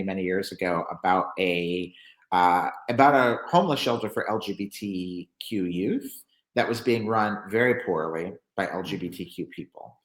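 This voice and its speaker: A man's voice: on the low side, reverberant, low-quality recording. A man speaking as a journalist guest in a casual interview, rambling with many restarts and fillers.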